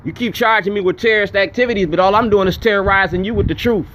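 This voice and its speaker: A man's voice: high voice, fast talker, a bit bright, slight background noise. A man giving a defiant, confrontational speech at a town hall, repeating his demands. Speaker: activist speaking at a town hall. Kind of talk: impassioned public speech.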